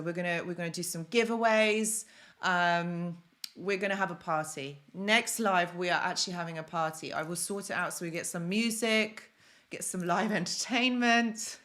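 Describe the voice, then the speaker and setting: A woman hosting a live stream, talking casually and emphatically to her viewers. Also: lowish voice. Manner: emphatic and excitable, addressing viewers directly. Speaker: host of a live stream on toxic relationships.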